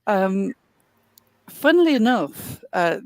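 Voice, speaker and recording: A woman's voice: medium pitch, very animated, takes it slowly, a little mellow, no echo. An English woman co-hosting a casual live stream, blunt and sweary with dry put-downs. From England. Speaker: co-host.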